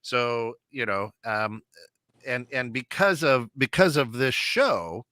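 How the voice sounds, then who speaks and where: Bright-voiced man telling rambling stories. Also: medium pitch, lively intonation, takes it slowly, dry recording, clean studio sound. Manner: rambling storyteller with many restarts and acted-out quotes. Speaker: co-host of an internet radio talk show. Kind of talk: casual chat.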